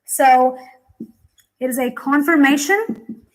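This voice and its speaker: A woman's voice: sits high, animated, slow, low-quality recording. A young woman teacher explaining English grammar in a classroom lesson, with frequent "okay" and "you know" fillers.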